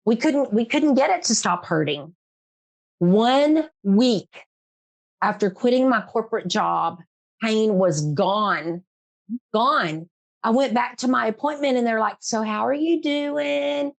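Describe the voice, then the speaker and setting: A woman's voice: fairly high pitch, lively intonation, takes it slowly, vocal fry. Emphatic middle-aged woman podcast host. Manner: earnest, emphatic, repeats phrases, laughs often. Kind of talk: emotional interview chat.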